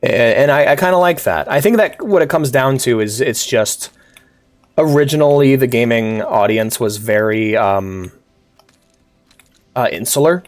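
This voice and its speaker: A streamer with a cough, chatting casually over live gameplay and shouting at the little on-screen character. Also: mid-range voice, measured pace. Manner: animated, yelps and shouts at the game character. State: sick, coughing. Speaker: VTuber game streamer.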